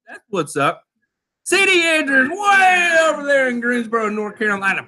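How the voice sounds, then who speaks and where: A man hosting a live lawn care show, reading out chat names with loud, playful shout-outs. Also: very high voice, sing-song, normal speed. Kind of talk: live stream chat roll call.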